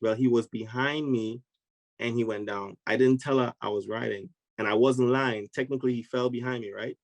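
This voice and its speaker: A man recounts a story with real energy, jumping into the voices of the people in it. His voice sits at an ordinary middle pitch. The recording is close and dry, with no room sound around him. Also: steady tone, normal speed, gravelly, no room sound, rough recording. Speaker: podcast guest. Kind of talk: animated storytelling in conversation.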